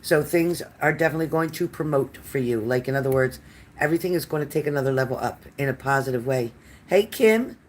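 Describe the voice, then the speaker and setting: A psychic card reader runs a live stream, reading cards and answering viewer comments loosely, with many fillers and restarts. She's chatty and warm, calling viewers by name and "honey." Her mid-range voice is fast, with a little hiss or hum.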